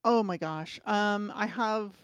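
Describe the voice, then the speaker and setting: A woman's voice: medium pitch, slow, a little hiss or hum. A woman on a podcast panel, chatting casually and with enthusiasm. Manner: enthusiastic, chatty, restarts a lot. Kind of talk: casual chat.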